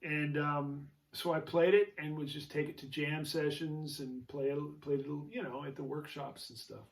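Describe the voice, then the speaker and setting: A man's voice: on the high side, flat delivery, moderate pace, vocal fry, far from the mic. A man hosting his own show, telling a rambling story in a casual, chatty way with many fillers and restarts. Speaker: show host, jazz guitarist.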